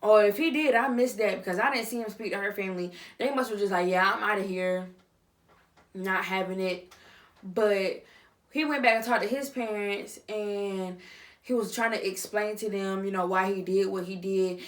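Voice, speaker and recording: A woman vlogger giving casual reaction commentary on a reality TV show. She talks straight to her viewers in slang, dropping to quiet asides and then rising to loud outbursts. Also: mid-range voice, moderate pace.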